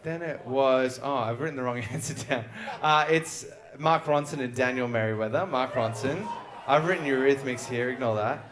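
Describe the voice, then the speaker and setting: A man hosting a live music trivia show, reading questions briskly and joking with the guests. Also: mid-range voice. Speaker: quiz show host. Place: live venue before an audience. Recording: live show with crowd audible. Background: audience crowd.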